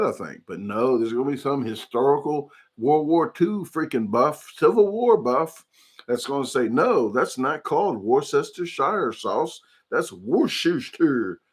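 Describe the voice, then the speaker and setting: A man hosting a casual livestream, rambling chattily and reading chat comments aloud. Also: medium pitch. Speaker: livestream host.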